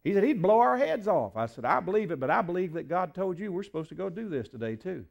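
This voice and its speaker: A man's voice: sits high, lively intonation, fast talker, vocal fry. A man, a preacher telling a story in a sermon in a folksy way, acting out the dialogue, with frequent fillers.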